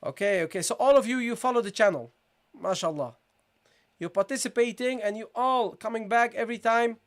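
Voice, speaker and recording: A man leads a live-streamed tajweed lesson online, teaching Quran recitation patiently and repetitively while checking in with viewers. He demonstrates the sounds slowly. His voice is extremely high-pitched.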